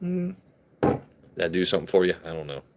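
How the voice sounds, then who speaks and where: A man's voice: sits low, huge pitch swings, a little fast, background noise. Crude joking whiskey-stream host, a man. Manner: crude, joking, talks back to chat. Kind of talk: casual livestream chat.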